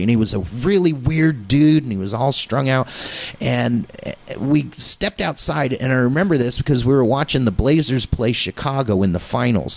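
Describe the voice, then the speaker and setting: Animated middle-aged man telling a story. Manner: animated anecdote-telling, pitch jumps when excited. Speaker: comedian and radio show regular. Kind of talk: casual storytelling on talk radio.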